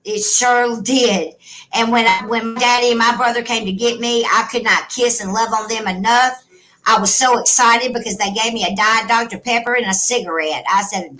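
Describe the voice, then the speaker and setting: Lady spilling a story, bright voice, pitched a bit high, cusses a lot. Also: normal speed, low-quality recording. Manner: blunt, swears freely, emotional and animated. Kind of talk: casual storytelling chat.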